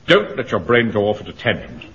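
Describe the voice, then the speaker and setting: A pompous commanding captain. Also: male voice, lowish voice, huge pitch swings, fairly quick, fairly bright tone, husky, exaggerated voice. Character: pompous middle-aged male platoon captain. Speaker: officer. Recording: dull lo-fi radio recording.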